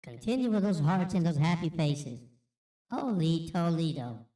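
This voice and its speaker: A man using a voice changer for a slow, low, theatrical voice. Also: lively intonation, dark tone, roomy sound, far from the mic.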